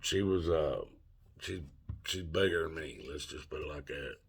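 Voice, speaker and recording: A man's voice: rumbling low, measured pace, gravelly, breathy edge. A man of sixty telling a story in a rambling, folksy way with loose grammar. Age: 60s. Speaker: vlogger. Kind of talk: casual storytelling.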